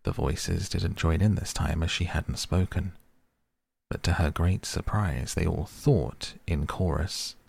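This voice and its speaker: Deep gravelly male storyteller. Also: unhurried, a little mellow. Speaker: narrator. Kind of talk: audiobook reading.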